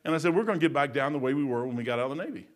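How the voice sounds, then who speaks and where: A man's voice: mid-range voice, very fast. A man, preaching a sermon in a folksy, storytelling way. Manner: folksy, storytelling, gets loud and animated telling jokes.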